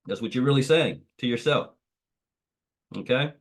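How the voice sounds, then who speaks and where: A man's voice: mid-range voice, moderate pace. Man giving a preachy motivational training. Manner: preachy, repeats phrases, tells a parable. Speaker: guest trainer.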